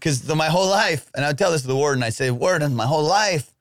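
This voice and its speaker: A man's voice: a little high, animated, fast talker, dry recording, studio quality. A man co-hosting a podcast, telling a rambling comic story with swearing and playful put-on voices. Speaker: podcast co-host. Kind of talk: casual comedic podcast chat.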